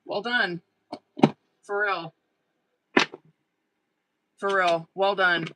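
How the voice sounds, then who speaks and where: A woman doing a live-stream tarot reading, excitable and swearing heavily as she talks straight to a viewer. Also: mid-range voice, very slow, heavy background noise. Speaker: tarot reader.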